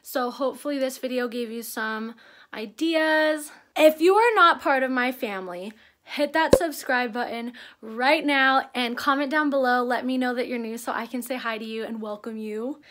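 A woman's voice: high-pitched, normal speed, fairly bright tone. Breathless gushing young woman vlogger. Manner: chatty, gushing, says "like" a lot. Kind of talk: casual vlog tour.

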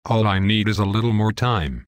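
A pastor voicing a calm, earnest male angel who pleads for more time for a dying man. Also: fairly low pitch, normal speed, dry recording, close to an everyday voice. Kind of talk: one-man dramatized dialogue.

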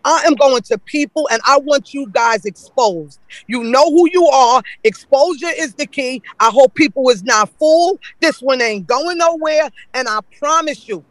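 A man with a very high voice speaks out at a city council meeting, emotional and accusatory, driving his points home again and again. The sound is dry and close, with no room around it. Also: normal speed, few pauses, fairly bright tone, no room sound, rough recording. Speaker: public commenter. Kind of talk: impassioned public comment.

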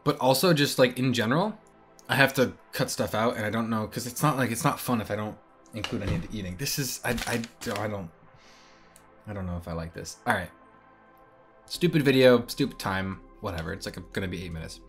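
A man's voice: fairly low pitch, fairly quick, a bit bright, slightly rough, faint music behind. A young man and student rambling casually to camera in a vlog, self-deprecating and chatty. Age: young adult. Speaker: vlogger.

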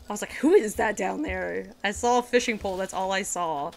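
She's a streamer who talks to her chat and teammates while gaming, full of giggles and the odd playful, accent-like voice. Her medium-pitched delivery is animated, gravelly and fairly quick, with hardly any pauses.

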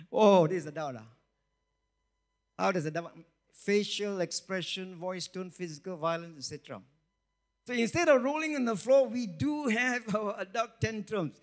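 High-voiced pastor preaching. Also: male voice. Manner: emphatic, repeats phrases, swings between loud and soft. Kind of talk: sermon.

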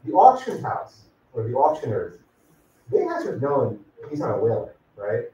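Male law professor, animated lecturing, casual, roomy distant sound, dull recording. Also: mid-range voice, moderate pace. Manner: lively, casual, calls on students by name. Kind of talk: classroom lecture with questions to students. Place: lecture classroom.

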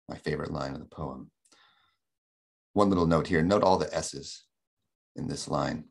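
A man with a very deep voice and a rough, gravelly edge teaches a poetry class over a webinar. He stops and restarts his phrases as he talks. When he quotes verse he drags each word out slowly. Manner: careful, slows right down to read verse aloud, often repeats words. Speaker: lecturer. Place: home or office, on a webinar. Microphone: computer microphone on a video call.

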